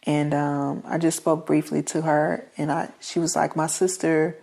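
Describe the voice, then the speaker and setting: Gravelly low-voiced woman telling her story. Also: little pitch movement, measured pace, dark tone. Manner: earnest, acts out quoted dialogue. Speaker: guest.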